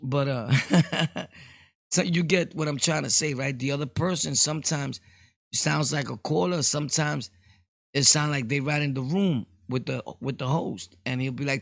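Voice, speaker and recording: A man's voice: medium pitch, normal speed, vocal fry, no echo, clean studio sound. A man hosting a solo podcast, rambling casually with street slang and laughing asides. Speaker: podcast host.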